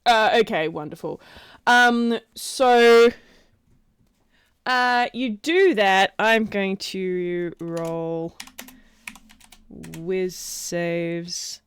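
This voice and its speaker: Slow, halting woman game master. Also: medium pitch, clean tone, no echo. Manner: halting, full of fillers and laughs. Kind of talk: running a tabletop game over a call.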